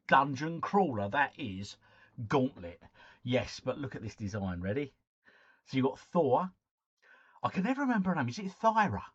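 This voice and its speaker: A man's voice: mid-range voice, no room sound, dull audio. A man hosting a casual live stream at home, chatting and greeting viewers by name. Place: at home, drinking cider.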